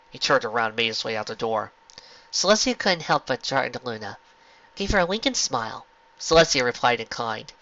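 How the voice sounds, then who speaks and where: A man reading a fan fiction story aloud with expressive narration. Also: mid-range voice, no echo. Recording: lo-fi home recording.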